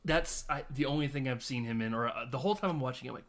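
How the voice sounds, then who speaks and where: A man's voice: medium pitch, fast. Casual man retelling a movie. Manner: animated retelling of scenes, acting out characters' lines. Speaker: podcast co-host. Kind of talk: casual film podcast chat.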